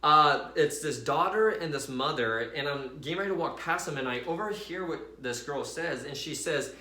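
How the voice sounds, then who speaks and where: Guy telling a story to his viewers, lots of likes and ums, kinda high voice, roomy echo. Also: normal speed, hardly any pauses. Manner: animated, chatty, many fillers, addresses viewers as guys. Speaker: vlogger sharing a faith story. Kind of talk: casual storytelling.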